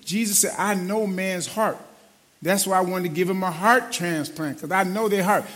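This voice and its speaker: A man's voice: high voice, moderate pace, fairly bright tone. A middle-aged man preaching a sermon in a loose, conversational way, often calling the listeners "man". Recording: long hall reverb.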